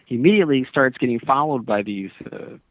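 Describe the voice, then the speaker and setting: A man's voice: mid-range voice, expressive, fast talker, no echo. A male author as a radio interview guest, telling a long story in a meandering, earnest way with many restarts. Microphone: phone. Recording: tinny dry phone line.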